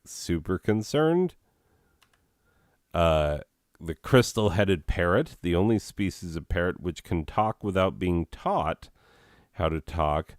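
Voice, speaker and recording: A man's voice: sits low, smooth, no room sound, clean studio sound. A man hosting a comedy video, reading absurd entries and riffing on them with sarcastic, rambling asides.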